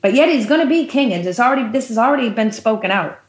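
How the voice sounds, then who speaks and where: A woman preacher telling a Bible story in a sermon, with emphatic repetition and animated pacing. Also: on the high side, fast. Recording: roomy echo.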